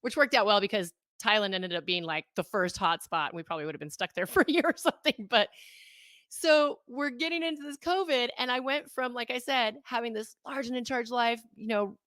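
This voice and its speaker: A woman in her thirties, a guest on an interview, telling a candid personal story with animated, self-mocking delivery. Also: on the high side, brisk, dry recording, clean studio sound. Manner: animated, acts out her own past thoughts in quotes. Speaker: interview guest, life coach.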